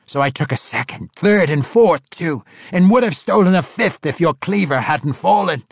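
A man putting on a squeaky, wheedling little goblin-like thief with a lively, bouncing voice. He pleads and boasts in a high, sly tone. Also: moderate pace, vocal fry, breathy edge, no echo, studio quality, full character voice.

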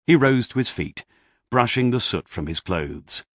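Slow, husky male storyteller. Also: medium pitch, expressive, fairly bright tone, no echo, clean studio sound. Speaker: narrator. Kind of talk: scripted story narration.

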